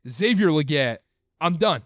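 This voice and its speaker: Emphatic man, lively pitch, dry sound. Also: measured pace, dry recording. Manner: emphatic, repeats himself. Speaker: podcast host. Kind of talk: casual sports chat.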